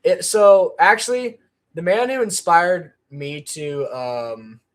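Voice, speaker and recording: A man's voice: high-pitched, very animated, slow pace. Rambling man on a casual livestream. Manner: rambling, full of ums and restarts. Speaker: channel creator.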